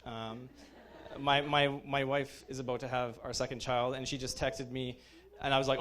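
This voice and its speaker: A man in his thirties giving an informal graduation speech as program head, halting with many fillers and restarts, openly emotional toward his students. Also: medium pitch, little pitch movement, fairly bright tone, slight background noise.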